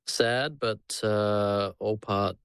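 A man's voice: fairly low pitch, fairly even intonation, extremely slow, a bit bright, clean tone, dry recording, studio quality. An Australian man co-hosting a podcast with a teasing, jovial manner. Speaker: podcast co-host. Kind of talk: casual chat.

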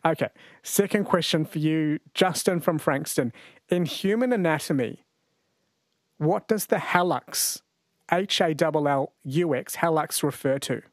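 A man hosts a late-night radio quiz in a chatty, laughing way. His voice sits a little high and sounds dry and close, and he slows down when he reads the questions. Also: no room sound. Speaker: radio host. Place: radio studio. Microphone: studio microphone.

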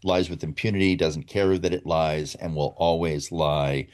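A man's voice: extremely low pitch, flat delivery, moderate pace, a little mellow. A man giving blunt, opinionated commentary in a radio interview. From United States. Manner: blunt and opinionated, with dry laughs. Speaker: commentator, former public radio editor.

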